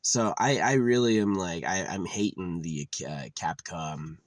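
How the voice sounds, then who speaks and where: A young man with a low, deep voice vents in a tired, rambling rant, full of fillers and swearing. The sound is dry and close, with no room echo. He keeps circling back to his frustration. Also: a little slow. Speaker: gamer venting about a game. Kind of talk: casual rant to camera.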